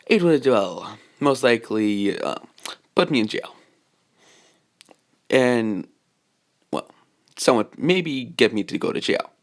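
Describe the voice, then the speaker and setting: A man voicing a calm, matter-of-fact young male mercenary at a hero school, in his own everyday voice. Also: mid-range voice, slow, long pauses.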